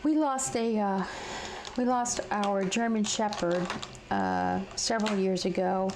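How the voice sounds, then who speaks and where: A woman with a gravelly, fry-touched voice hosts a casual live crafting session from home. She chats along with many fillers and restarts and answers viewers while she colors. A faint hiss of noise sits under her voice. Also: mid-range voice, steady tone, takes it slowly. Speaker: crafting livestream host.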